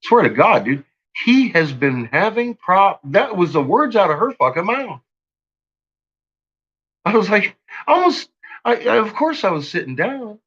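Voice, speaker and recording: A man's voice: sits high, sing-song, measured pace, long pauses, fairly bright tone, breathy edge, highs cut off. A man vlogging an angry rant to his viewers. He swears constantly and stumbles through restarts. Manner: agitated, profane, stumbling restarts.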